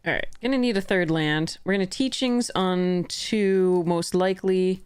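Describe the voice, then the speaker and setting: A woman's voice: fairly low pitch, a little slow, a little mellow, clear, resonant tone, no echo. A woman streamer chatting casually as she plays a card game, laughing often and correcting herself. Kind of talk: casual commentary while playing a card game.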